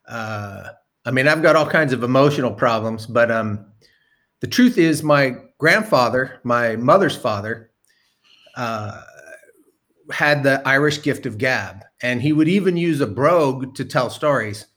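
A man's voice: mid-range voice, a little slow, fairly bright tone. A man telling a long personal story in a casual, rambling way, with many ums, asides and the odd swear word. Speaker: storyteller guest.

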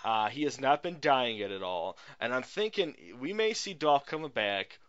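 Man, podcast co-host, profane rant, tense bright tone, lo-fi audio. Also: medium pitch, moderate pace, smooth. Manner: profane, ranting, animated. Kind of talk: casual chat.

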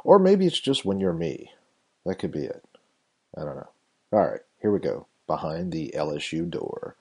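A man hosting a podcast, introducing the next clip in a relaxed way with wry asides. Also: very deep voice, normal speed, creaky, husky. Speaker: podcast host introducing clips. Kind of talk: casual show intro.

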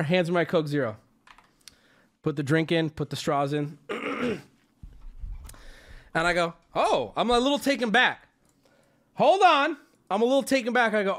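A man with a high, lively voice tells a story with a streamer's restless energy. He swears freely and sounds exasperated, and he jumps into the other people's lines as he acts them out. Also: normal speed, pauses often. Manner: exasperated, swearing, acting out both sides of the story. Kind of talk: animated storytelling rant.

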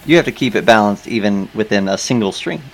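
A man's voice: lowish voice, expressive, fast talker, vocal fry, rough recording. A man hosting a podcast, bantering casually and laughing easily. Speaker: podcast host. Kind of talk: casual chat.

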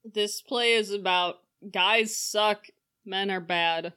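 A woman's voice: medium pitch, steady tone, takes it slowly, bright, forceful tone, clear, resonant tone. Playful young woman recapping a plot. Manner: playful, jokey, acts out quotes in silly voices. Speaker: podcast co-host. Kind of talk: casual chat.

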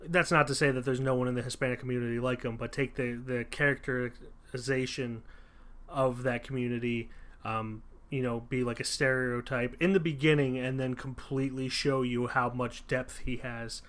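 A man's voice: mid-range voice, steady tone, normal speed, a bit bright. A man co-hosting a casual film review chat, thoughtful and loose, with plenty of fillers and restarts. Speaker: podcast co-host reviewing a film.

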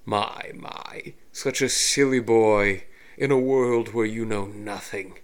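A sophisticated high elf villain , put on by a man, drawls with lazy, condescending elegance. Each word is measured and scornful, as if nothing the heroes do could impress him. It is a tabletop game villain voice. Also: natural voice. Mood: sneering. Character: refined sneering male high elf villain.

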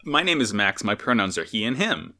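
A man co-hosting a podcast, joking around with friends and laughing often. His voice is bright and edgy, and his pitch leaps all over the place. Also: big pitch swings, a little fast. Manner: jokey, profane, laughs often. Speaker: podcast co-host. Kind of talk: casual chat.

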